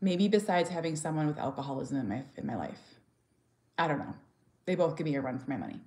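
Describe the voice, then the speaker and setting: Earnest mother with a slightly low voice. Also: animated, fast talker, a little mellow. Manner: earnest and heartfelt, with frequent restarts; talks openly and directly, sometimes blunt. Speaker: mother and author sharing her story. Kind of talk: candid personal vlog talk.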